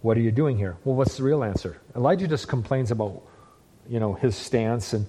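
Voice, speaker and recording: A man preaching a sermon in an earnest way, slowing down for emphasis and restarting phrases as he goes. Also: medium pitch, warm tone, husky. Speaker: pastor.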